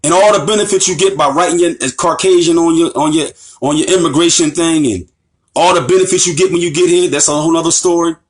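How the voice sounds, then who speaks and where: Fast and steady in tone, an American man lectures fervently as an Islamic teacher, his voice sitting somewhat high for a man. He presses his points by repeating phrases and throwing rhetorical questions at the audience.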